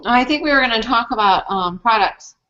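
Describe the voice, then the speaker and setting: A woman's voice: on the high side, lively intonation, a little fast, bright, forceful tone. A woman talking casually about a new product on a group call, chatty, with many fillers. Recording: dull lo-fi call audio.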